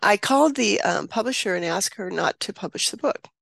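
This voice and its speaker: Gravelly older woman telling her story. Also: medium pitch, animated, fairly bright tone, dry recording, studio quality. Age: 70s. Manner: earnest, reflective, pauses and restarts often. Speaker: interview guest, birth mother and author. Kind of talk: personal storytelling in an interview.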